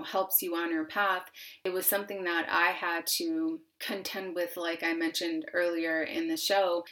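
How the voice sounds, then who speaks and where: A woman with a somewhat low voice hosts a spiritual podcast, speaking alone to her listeners. Her talk is casual and emphatic, full of "like"s and quick restarts, with a swear word dropped in now and then. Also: a bit bright. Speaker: podcast host.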